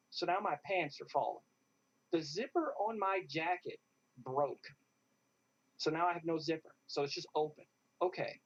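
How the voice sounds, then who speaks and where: A man, a guest in an interview, telling a lively story and acting out what others said. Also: high voice. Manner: animated, acts out what others said. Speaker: interview guest, airsoft player. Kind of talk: casual storytelling. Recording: dull lo-fi sound.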